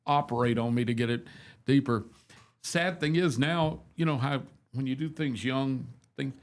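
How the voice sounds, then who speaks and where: A man in his seventies, a radio host, telling rambling, self-deprecating stories in a casual, folksy chat. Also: mid-range voice. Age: 70s.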